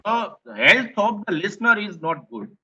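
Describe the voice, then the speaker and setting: A male lecturer with an Indian English accent explains his points, often saying them twice. His voice sits high and sounds very bright and sharp. The recording is dull and lo-fi. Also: very animated, moderate pace, slightly rough. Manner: repetitive, explanatory, rephrases points. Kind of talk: classroom lecture.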